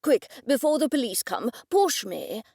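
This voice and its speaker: A woman voicing a stubborn, pompous older gentleman in an audiobook, with fussy, proper, old-fashioned phrasing. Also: a little high, very animated, a little slow, vocal fry, husky, dry recording, clean studio sound, heavily acted. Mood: urgent. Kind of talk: audiobook character voice.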